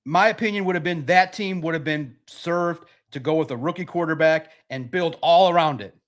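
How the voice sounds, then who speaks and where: High-voiced man ranting emphatically. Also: normal speed. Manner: emphatic, repetitive, mocking. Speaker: podcast host. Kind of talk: heated sports podcast rant.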